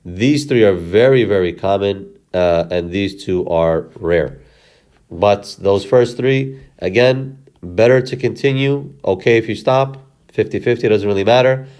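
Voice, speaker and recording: A man's voice: lowish voice, a little slow, darkish tone. A man teaching how to read and recite the Quran, explaining the stop symbols patiently step by step and often checking in with "okay?". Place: recorded lesson video.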